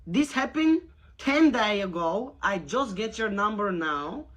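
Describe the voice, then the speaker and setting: A woman's voice: medium pitch, animated, unhurried, close to an everyday voice. A woman putting on a pushy accented neighbor. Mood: insistent. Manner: broken grammar, insistent, calls the other "honey". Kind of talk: prank call.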